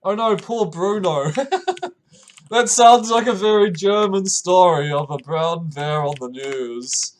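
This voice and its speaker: A young New Zealand man chats casually on a live stream, reading messages aloud at a slow pace over slight background noise. He laughs a lot, stumbles and restarts, and reacts with sudden high exclamations.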